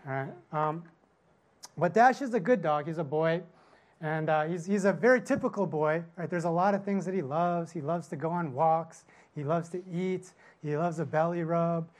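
Chatty pastor, slightly high voice. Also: male voice, moderate pace. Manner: storytelling with constant "right?" tag questions. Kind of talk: conversational sermon.

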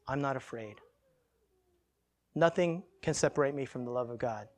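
A man quoting his devout, pregnant wife, speaking softly and reassuringly. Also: mid-range voice, moderate pace, pitched below the performer's own voice, lightly acted. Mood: gentle.

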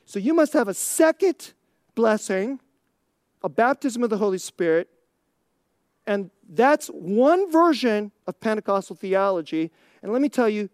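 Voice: medium pitch, animated, unhurried, a little mellow, no room sound. Conversational preacher, dry close sound. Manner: conversational, emphatic, laughs often; asks the audience rhetorical questions. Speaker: pastor. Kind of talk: sermon.

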